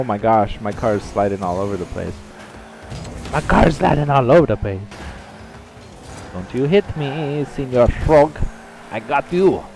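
A man giving excitable gameplay commentary, shouting reactions and trading playful trash talk. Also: mid-range voice. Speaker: gaming channel host.

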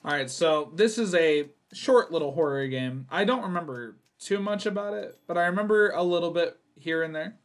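A young man playing a horror game for his channel, reading the notes aloud, swearing and yelling when startled. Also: fairly high pitch, moderate pace, hardly any pauses. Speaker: gaming YouTuber. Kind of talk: horror game let's play commentary.

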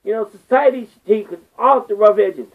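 A man's voice: high-pitched, fairly quick, vocal fry. A man vlogger delivering a rambling, profane rant, crude and full of filler curses. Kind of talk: profane ranting monologue. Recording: tinny phone-like lo-fi audio.

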